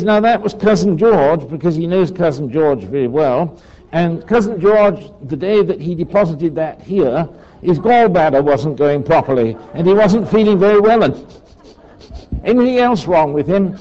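A man's voice: sits high, warm tone. Older man talking chattily, dull recording. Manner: chatty, asks the listeners for agreement. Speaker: speaker giving a talk. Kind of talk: rambling talk with asides.

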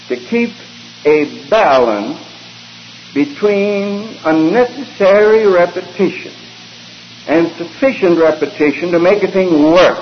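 A man preaching a sermon in a slow, deliberate way, pressing his points with emphasis. His voice sits a little high and rings through a long hall reverb. The recording is dull and lo-fi, with a faint hiss under it. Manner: deliberate, emphatic, drawn-out phrases with hesitant fillers.

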